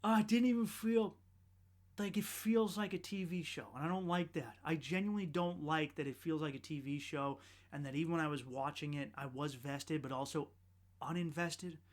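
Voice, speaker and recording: A man's voice: a little high, moderate pace. A man hosting a podcast, rambling in a profane, ranting monologue. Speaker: podcast host.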